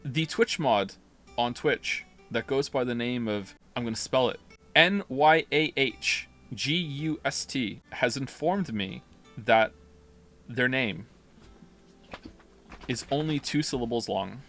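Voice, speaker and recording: Bright-voiced rambling male streamer. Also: mid-range voice, takes it slowly, faint music behind. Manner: rambling, self-interrupting, reading chat aloud. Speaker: live streamer playing a game. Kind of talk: casual live-stream commentary.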